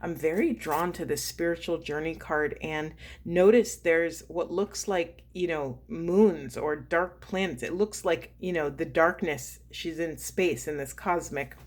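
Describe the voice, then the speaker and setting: Low-voiced woman giving a card reading. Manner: earnest, slow, emphatic affirmations; reflective, pausing to feel for words. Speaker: spiritual coach and oracle card reader. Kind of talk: intuitive card reading to camera.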